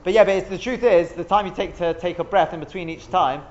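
A man's voice: sits high, fast, lo-fi sound. A man teaching a Talmud class, explaining step by step, thinking aloud and asking rhetorical questions.

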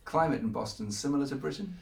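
A man's voice: medium pitch, expressive, quick pace, vocal fry, reverberant, recorded from a distance, a little hiss or hum. A man hosting a podcast, chatting in an office and asking short, curious questions in a friendly way. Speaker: podcast host. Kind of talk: casual interview chat.

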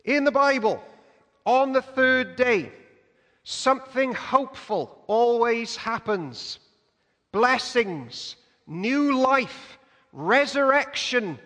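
A man with a high voice preaches a sermon, telling the story in a lively, conversational way. His voice carries a long reverb that fills the church hall.

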